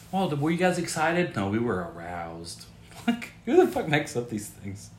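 Unhurried and medium-pitched, a man hosts a podcast where he jokes crudely about odd news items and swears without restraint. His reactions are incredulous and animated, and the recording echoes like a large room.

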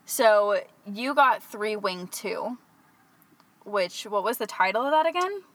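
A woman's voice: mid-range voice, slow. A woman hosts a laid-back podcast chat in a Californian accent. She explains at an easy pace, stringing thoughts together with fillers and restarts. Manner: explains things in a relaxed rambling way with fillers. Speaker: podcast host. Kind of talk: casual chat.

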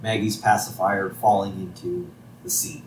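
A man's voice: deep voice, level tone, a little hiss or hum. A man co-hosting a podcast, casually recapping a cartoon episode and quoting its characters as he goes. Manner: retells scenes, quoting characters in quick bursts. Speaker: podcast co-host. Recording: roomy echoey sound.

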